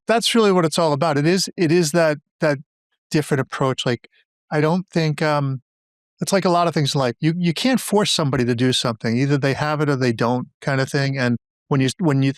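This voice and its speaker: A man hosting an interview podcast, asking rambling, reflective questions in a relaxed way. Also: medium pitch, no echo, clean studio sound. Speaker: podcast host. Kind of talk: casual interview.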